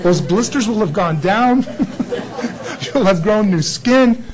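A man's voice: high voice, animated, a little slow, crowd noise, low-quality recording. A man preaching a sermon in church, a folksy and joking storyteller. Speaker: pastor.

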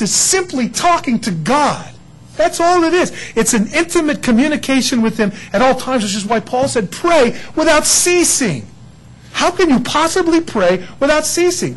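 Male pastor, sermon delivery, high lively voice with a husky edge, plays out quick dialogue bits. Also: low-quality recording. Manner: animated, acts out little dialogues with God.

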